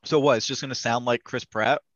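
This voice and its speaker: A man's voice: medium pitch, fairly even intonation, a little fast, fairly bright tone, a little hiss or hum. A man co-hosting a casual movie podcast, with a wry, incredulous way of talking. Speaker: podcast co-host. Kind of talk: casual chat. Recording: dry lo-fi sound.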